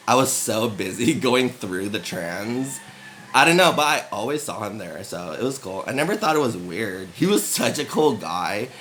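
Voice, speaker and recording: A man's voice: medium pitch, pushed and bright, a little hiss or hum, poor audio. A young American man telling a rambling comic story in casual chat, full of "like" fillers and laughs.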